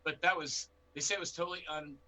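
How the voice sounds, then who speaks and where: A middle-aged man, a bear expert guest on a panel, telling animated stories with acted-out quotes. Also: fairly high pitch, fast talker, slight background noise, poor audio. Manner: animated anecdotes with quoted dialogue. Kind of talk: storytelling in a panel interview.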